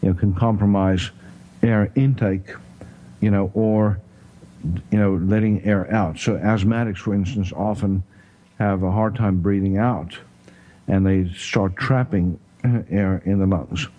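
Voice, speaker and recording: Man, South African accent, casual explainer, throat clearing, dark warm tone, muffled recording. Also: fairly low pitch, fairly even intonation. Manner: halting, full of "you know" and throat clearing. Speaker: health talk host.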